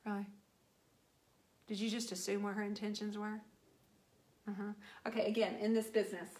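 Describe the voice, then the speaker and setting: Medium-pitched and moderately paced, a middle-aged woman talks casually to viewers as she paints furniture. She's animated and playful, teasing individual viewers by name along the way.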